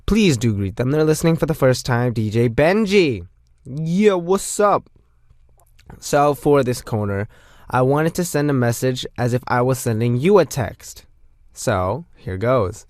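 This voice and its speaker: A playful male radio DJ, his pitch bouncing all over as he chats between songs. The sound is close and dry, with no room around it. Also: darkish tone, no room sound. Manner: playful, chatty, jokey. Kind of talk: radio show hosting. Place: radio studio.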